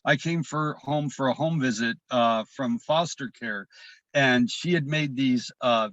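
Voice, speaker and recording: Guy from washington state on a video call, telling his own story, halting and restarting a lot, dry sound with no room echo. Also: mid-range voice, fairly bright tone, lo-fi sound. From Washington state, USA. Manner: halting, with frequent restarts and repeated words. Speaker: guest sharing his recovery story. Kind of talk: emotional personal storytelling.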